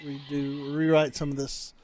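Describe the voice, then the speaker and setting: A man narrating a tabletop game as game master, in a rambling, halting way. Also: on the high side, completely flat delivery, a crowd in the background.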